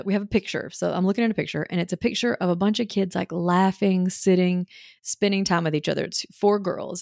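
A woman's voice: mid-range voice, vocal fry, darkish tone, dry recording, clean studio sound. A woman mentoring mothers on parenting, talking casually through examples with lots of "you know" fillers and acting out what kids and moms might say. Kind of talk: casual teaching talk.

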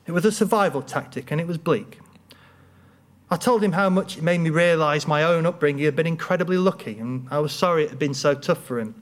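Male storyteller, dry wit, deadpan delivery, slightly high voice. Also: a little fast. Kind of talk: humorous personal storytelling.

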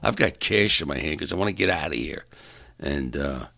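A man's voice: very deep voice, animated, moderate pace, creaky, bright, forceful tone, no echo. A man in a rambling comic monologue, exasperated and ranting, stumbling over repeated words as he vents. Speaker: stand-up comedian.

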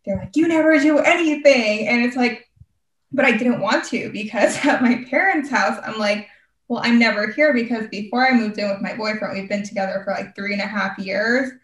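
A woman's voice: medium pitch, brisk, fairly bright tone. A young woman talking casually and rambling, saying "like" constantly as she tells a personal story. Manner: rambling, heavy use of "like". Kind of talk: casual chat. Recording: roomy, distant from the mic.

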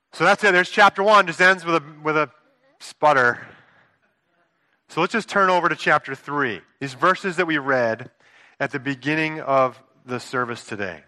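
Earnest bright-voiced male pastor preaching. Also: on the high side. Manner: earnest, conversational preaching with rhetorical asides. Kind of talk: sermon.

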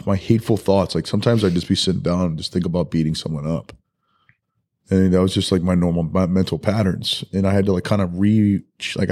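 Man, podcast guest, deep-ish voice, candid, halting, casual slang. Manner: loose and halting, full of "like", "bro" and "dude"; soft-spoken and candid. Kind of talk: personal life story in a casual podcast interview.

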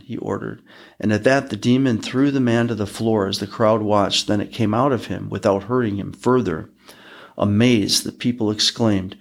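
A man hosting a podcast, reading Bible passages aloud in a measured, even way. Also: lowish voice, creaky. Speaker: podcast host reading scripture. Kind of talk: scripture reading.

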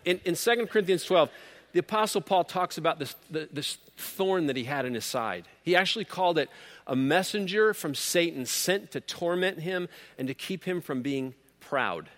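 A man preaching a sermon, earnest and emphatic, rising to loud peaks and then dropping low. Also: lively intonation, moderate pace. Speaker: pastor. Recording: long hall reverb.

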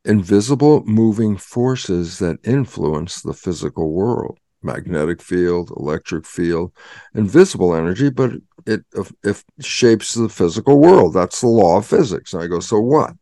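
A man's voice: low voice, lively intonation, moderate pace, warm tone, no room sound. Older male guest, dramatic explainer who acts out his own conversations, dry mic. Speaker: guest scientist. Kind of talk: animated storytelling explanation.

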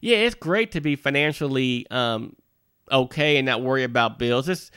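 A man's voice: mid-range voice, moderate pace, fairly bright tone, smooth, dry recording, studio quality. A man who is a minister, giving a folksy devotional talk to parents in a conversational way, with frequent asides and restarts.

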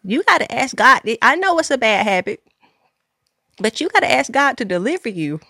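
A woman's voice: sits high, very animated, normal speed, gravelly, bright, forceful tone, no room sound. Earnest woman exhorting listeners, dry close sound. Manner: earnest, repetitive, preacher-like emphasis. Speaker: podcast host. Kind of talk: faith-based exhortation.

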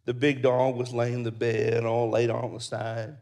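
A man preaching a sermon, telling folksy stories and closing in soft prayer. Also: medium pitch, little pitch movement, moderate pace. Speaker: pastor. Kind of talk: sermon with storytelling.

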